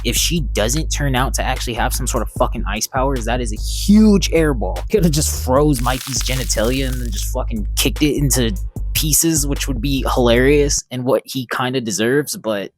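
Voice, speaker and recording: A man's voice: mid-range voice, normal speed, faint music behind. A man giving a casual, rambling and profane commentary as a comic reviewer.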